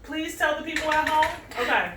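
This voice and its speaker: A woman's voice: high-pitched, brisk, background noise. A woman cooking in her home kitchen and chatting playfully with viewers. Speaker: cooking vlogger. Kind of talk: casual cooking chat. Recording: echoey kitchen, mic at a distance, music behind.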